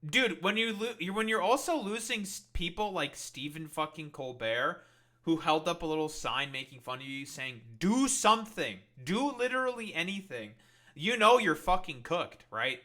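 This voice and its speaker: Bright-voiced man ranting profanely. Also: a little high, normal speed. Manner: profane, exasperated ranting while reading news aloud. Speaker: streamer. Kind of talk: ranting political commentary. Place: home streaming setup.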